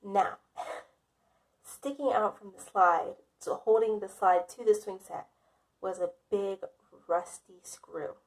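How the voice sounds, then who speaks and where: A woman's voice: medium pitch, fairly even intonation, slow pace. Dramatic self-mocking woman vlogger. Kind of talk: casual storytime.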